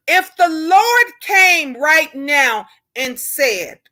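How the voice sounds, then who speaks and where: A woman's voice: high voice, sing-song, drawn-out words, few pauses, sharp tone. A woman hosting a live stream, ranting in a fiery, preachy way and repeating rhetorical questions to her viewers. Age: older.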